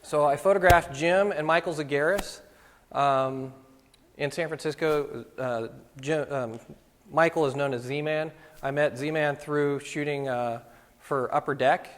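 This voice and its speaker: A man's voice: fairly high pitch, measured pace. A middle-aged man giving a casual talk to photography students, telling anecdotes and acting out what people said. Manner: storytelling, acts out quoted voices. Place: lecture hall at a photography school. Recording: long reverb of a hall.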